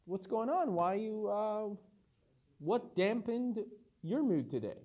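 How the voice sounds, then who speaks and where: A man's voice: high-pitched, lively intonation, takes it slowly, muffled recording, heavily acted. A man doing a chatty wise old king. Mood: curious. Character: wise ancient male king, casual and curious.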